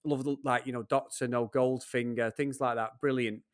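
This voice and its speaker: A man's voice: medium pitch, steady tone, moderate pace. Opinionated man chatting films. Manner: opinionated, joking, sweary. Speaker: podcast co-host. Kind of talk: casual film chat.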